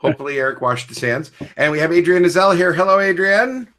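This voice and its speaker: A man hosts a relaxed podcast chat. He jokes freely and teases the group with playful energy. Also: a little high, quick pace. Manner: playful, joking, animated. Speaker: podcast host.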